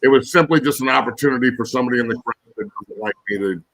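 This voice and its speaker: Over crowd noise on a rough recording, a man in his forties speaks at medium pitch and very fast. He's a podcast guest and former pro football player, ranting angrily and cursing through casual chat.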